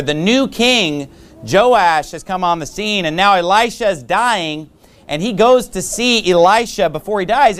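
Male pastor, high and smooth, slow scripture reading, conversational explaining, emphatic bursts. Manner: reads scripture slowly, then explains in plain chatty talk; rises to loud emphatic bursts. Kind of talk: sermon.

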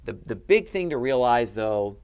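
A man's voice: mid-range voice, sing-song, moderate pace, a little mellow, smooth. A man teaching at a board in a room, explaining patiently and checking in with frequent "okay?".

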